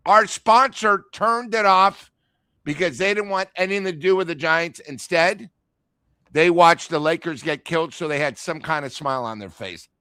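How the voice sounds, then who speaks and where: A man's voice: sits high, pushed and bright, dry recording. A man co-hosting a fan sports talk stream, blunt and disgusted. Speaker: podcast co-host.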